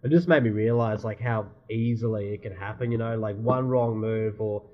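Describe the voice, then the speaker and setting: A man hosting a casual chat, laid-back, with quick reactions. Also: fairly low pitch. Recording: dull lo-fi audio.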